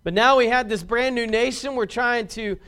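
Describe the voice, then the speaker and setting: A pastor preaching a sermon in an earnest, heartfelt manner with emphatic repeats. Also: male voice, very high voice, normal speed, fairly bright tone.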